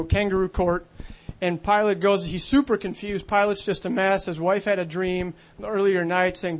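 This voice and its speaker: A man preaching a sermon in an earnest, conversational way, with frequent fillers. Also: high-pitched.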